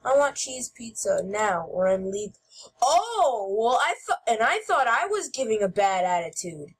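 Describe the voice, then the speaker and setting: A woman giving playful gameplay commentary as host, goofy and shouting mock-angrily at other players. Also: a little high, big pitch swings, a little slow, breathy edge.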